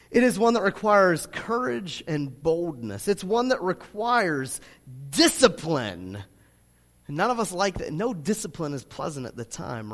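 A man preaching a sermon as pastor, talking in a loose, conversational way with lots of fillers, then pushing into loud, emphatic stretches. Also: on the high side. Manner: conversational preaching full of "you know" fillers, rising to loud emphatic bursts. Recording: long hall reverb.

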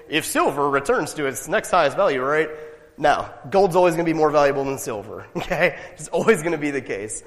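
A man preaching a sermon as pastor, emphatic and animated, asking his listeners rhetorical questions. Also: a little high, brisk, big-room sound.

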